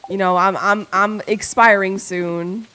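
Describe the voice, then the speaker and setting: A woman's voice: mid-range voice, fairly even intonation, a little slow, pushed and bright, smooth. A young woman streamer chatting casually with her chat, playful and rambling, swearing freely and reading messages aloud.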